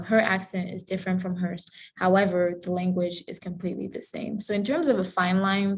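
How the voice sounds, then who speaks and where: A guest lecturer from Cameroon, this woman has a mid-range, slightly mellow voice. She presents online over a video call and handles a Q&A, keeping a friendly, explanatory tone with some fillers and self-corrections along the way.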